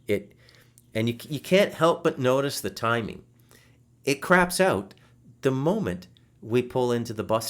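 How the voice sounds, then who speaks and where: A man hosting a podcast over a video call, telling a frustrating story in a casual, animated way, swearing and restarting his sentences. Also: lowish voice. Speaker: podcast host. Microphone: video call setup.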